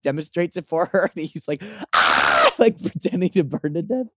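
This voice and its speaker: A man's voice: on the high side, expressive, brisk, a little mellow, a little hiss or hum. A young man co-hosting a podcast, joking casually and laughing often. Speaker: podcast co-host. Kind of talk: casual chat.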